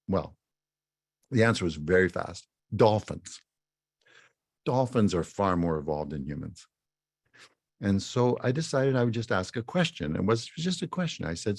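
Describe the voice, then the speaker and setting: A man's voice: mid-range voice, animated, measured pace, gravelly, pauses often, breathy edge, no echo, clean studio sound. A man in his seventies from Saskatchewan telling a self-mocking story at a fireside talk, chuckling often. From Saskatchewan, Canada. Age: 70s. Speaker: musician and speaker.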